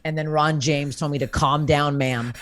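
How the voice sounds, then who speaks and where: A woman's voice: low-pitched, flat delivery, moderate pace, fairly bright tone. A woman comedian from Canada telling a story in casual podcast chat over a remote call, swearing and laughing as she goes. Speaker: comedian guest.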